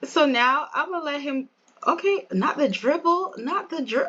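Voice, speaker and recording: A woman giving casual gameplay commentary, excitable, exclaiming and laughing as she talks straight to her viewers. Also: high-pitched, moderate pace, dull audio. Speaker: let's play gamer.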